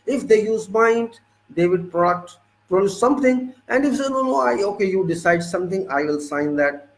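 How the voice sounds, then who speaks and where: A man with an Indian English accent, lecturing about engineering work. He speaks in a high voice and drives his points home with forceful repetition. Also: low-quality recording. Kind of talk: lecture-style monologue.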